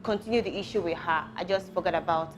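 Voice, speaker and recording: A woman, a pageant contestant, calmly criticizing another contestant's behavior in a reality show confessional. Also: lowish voice, over loud music. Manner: measured, disapproving commentary.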